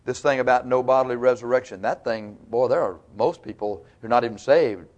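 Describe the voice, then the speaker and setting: A man's voice: mid-range voice, fairly quick, a little mellow, lo-fi sound. A man preaching a sermon in a folksy, conversational way, teaching verse by verse with asides to the congregation.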